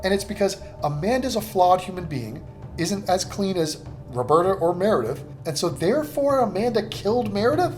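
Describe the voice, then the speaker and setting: A man making heated reaction commentary, sarcastic and profane, with rapid-fire rhetorical questions. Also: sits high, big pitch swings, faint music behind. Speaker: commentary YouTuber.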